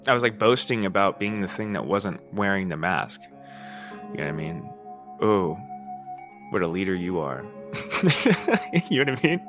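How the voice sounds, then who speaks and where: Bright-voiced man rambling on a podcast. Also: lowish voice, sing-song, moderate pace, faint music behind. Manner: rambling, swears, laughs, repeats "you know what I mean". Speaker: podcast host. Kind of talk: casual monologue.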